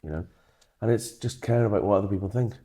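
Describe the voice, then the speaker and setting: Very deep, mellow-voiced man telling a story. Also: fast talker. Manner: storytelling, self-deprecating. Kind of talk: casual chat.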